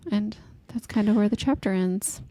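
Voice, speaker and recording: A woman's voice: mid-range voice, normal speed. A woman podcast co-host in casual chat, recapping a novel's chapter with frequent laughs and acted-out quotes. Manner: animated storyteller, laughs often, acts out quotes.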